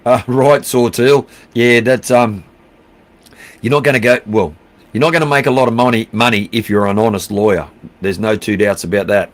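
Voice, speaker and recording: A middle-aged man with an Australian accent hosts a relaxed stream, reading out viewer messages one by one. He talks at an ordinary pitch in a blunt, easygoing way, swearing freely and calling everyone mate. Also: normal speed. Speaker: livestream host. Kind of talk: casual chat reading out viewer comments.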